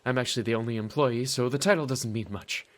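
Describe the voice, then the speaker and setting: A man voicing a weary, courteous young male event planner in a lowered, tired voice. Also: fast, lightly acted. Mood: weary polite.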